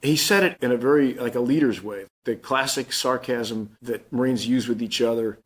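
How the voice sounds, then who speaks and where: A man's voice: mid-range voice, normal speed, slightly rough. A man in his fifties, a Marine Corps general, telling his story plainly in an interview and acting out the dialogue he quotes. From Missouri.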